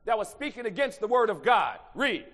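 A male pastor preaching a sermon, swinging from quiet asides to loud shouted lines. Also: sits high, very animated, a little fast. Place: church sanctuary. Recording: long church reverb.

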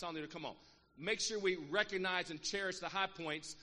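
A middle-aged man preaching a sermon, calling out to the congregation and swinging between loud exhortation and quiet, earnest asides. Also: high-pitched, fairly quick. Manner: call-and-response preaching, calls out "Amen" and "saints". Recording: long reverb of a large hall, faint room noise.

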